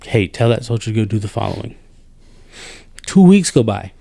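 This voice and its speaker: A man's voice: lowish voice, normal speed, vocal fry, no room sound. Exasperated man venting in a dry room. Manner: animated, exasperated venting with many restarts. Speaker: podcast host. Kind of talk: casual chat.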